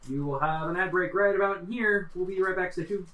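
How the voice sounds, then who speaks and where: A man's voice: sits high, fairly bright tone, reverberant. A man hosting a live-play role-playing podcast as game master, playful and joking. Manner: playful, laughing, quick jokes.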